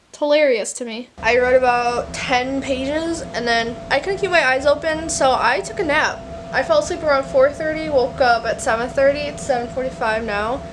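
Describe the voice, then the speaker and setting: A young woman chatting casually in a reading vlog at home, candid and exasperated, swearing freely. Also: sits high. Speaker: book vlogger. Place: home, indoors. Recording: faint room noise from the air conditioner. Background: faint air conditioner hum.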